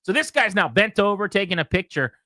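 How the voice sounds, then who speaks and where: Man, radio host, casual storytelling, lively swinging pitch, acts out the voices, dry close sound. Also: a little fast, no room sound. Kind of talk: casual sports radio chat, telling a story.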